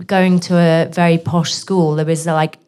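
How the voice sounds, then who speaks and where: A woman's voice: deep voice, level tone, measured pace, a little mellow, smooth. A woman from Northeast England with a posh southern English accent, speaking as a guest author and answering audience questions candidly at a live bookshop event. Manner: candid, chatty, full of self-deprecating asides.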